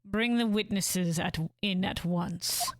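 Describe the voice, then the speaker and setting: A cold, smug courtroom prosecutor, read by a woman with confident, cutting delivery. Every line lands with quiet certainty. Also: medium pitch, takes it slowly, dry recording, clean studio sound, close to an everyday voice.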